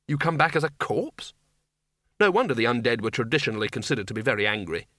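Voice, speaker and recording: A man's voice: medium pitch, animated, fast, sharp tone, no room sound. A man narrating a comic fantasy audiobook in a dry, wry storytelling manner on a close studio mic. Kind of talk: scripted narration.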